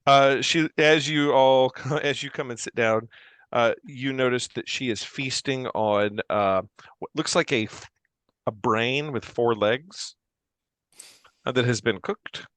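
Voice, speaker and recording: A man narrating as game master of a fantasy tabletop game, in a relaxed, halting way with fillers. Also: medium pitch, no echo.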